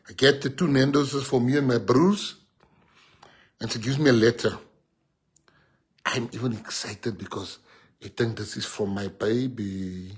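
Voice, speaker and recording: South african guy, party leader, fired up rally speech, raspy-ish voice, goes loud then real quiet telling stories. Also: medium pitch, unhurried, pauses often. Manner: animated, switches between shouting and hushed storytelling. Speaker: political party leader addressing supporters. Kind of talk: impassioned rally speech with personal storytelling.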